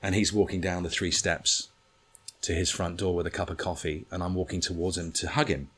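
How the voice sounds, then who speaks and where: Man, low register, casual guest, animated bawdy storyteller with comic timing. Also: fairly quick, slightly rough. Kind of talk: casual anecdote telling.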